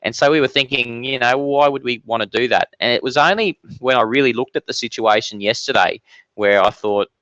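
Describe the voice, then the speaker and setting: Answering viewer questions on a casual live-stream Q&A from his home office, this weather channel host has a medium-pitched, fairly bright voice and talks a little fast. He's chatty and upbeat, full of fillers and restarts. The audio is lo-fi, with no room sound.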